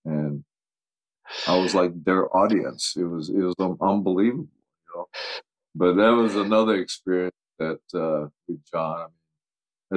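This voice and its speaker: An older man, a football coach, telling lively anecdotes in a casual interview, laughing often and acting out what others said. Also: sits low, poor audio. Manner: animated anecdotes, acts out quoted voices, laughs often.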